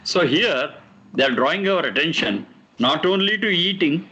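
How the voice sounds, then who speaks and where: A man teaching a class on scripture, explaining verses slowly and repeating the recited lines. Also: a little high, lively intonation, sharp tone, slightly rough. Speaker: teacher of Vedic texts.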